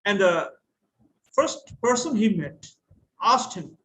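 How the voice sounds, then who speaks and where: A man's voice: sits high, sing-song, slow pace, fairly bright tone, low-quality recording. A man with an Indian English accent giving an online lecture to students, explaining patiently and spelling words out letter by letter over a video call.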